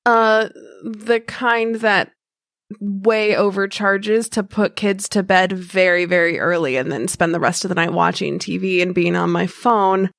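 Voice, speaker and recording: A woman playing a tabletop role-playing game, unhurried and sardonic. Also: medium pitch, fairly even intonation, creaky, a bit bright, dry recording, studio quality. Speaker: player. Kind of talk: tabletop role-play, in and out of character.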